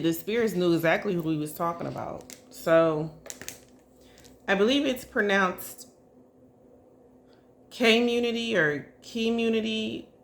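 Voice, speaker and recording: A psychic reader gives a casual spiritual reading to her viewers on camera, chatty and hesitant, full of hedges and fillers and often checking in with "okay?" and "y'all." Her voice is lowish with a fairly bright tone.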